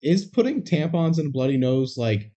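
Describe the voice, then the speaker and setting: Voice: medium pitch, big pitch swings, normal speed, warm tone, lo-fi sound. A podcast co-host chatting casually about a movie, dropping brief dry comments. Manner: brief dry asides and interjections. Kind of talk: casual movie discussion chat.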